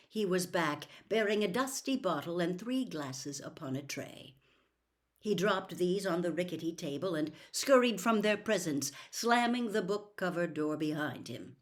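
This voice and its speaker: A woman reading a novel aloud in a slow, deliberate storytelling manner. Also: fairly low pitch. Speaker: narrator. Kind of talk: audiobook reading.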